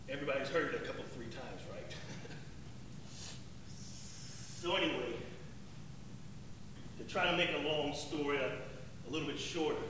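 A man playing a rough, remorseful zealot in a dramatic first-person monologue, talking in an emphatic, street-tough way and repeating words. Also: a little high, bright, forceful tone, a little hiss or hum. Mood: wry, subdued. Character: rough, remorseful male zealot recalling the crucifixion. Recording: echoey hall, distant mic, faint ambience.

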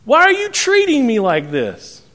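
A man's voice: very high voice, huge pitch swings, a little slow, pushed and bright, voice pushed up, full character voice. A man voicing a frightened, pleading male talking donkey in a retold scripture story.

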